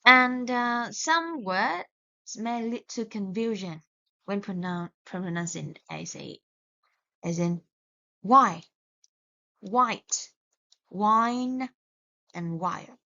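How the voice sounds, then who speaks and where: Slow woman teaching English. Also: medium pitch, bright, forceful tone. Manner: slow and deliberate, with self-corrections. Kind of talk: recorded lesson. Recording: dull lo-fi sound.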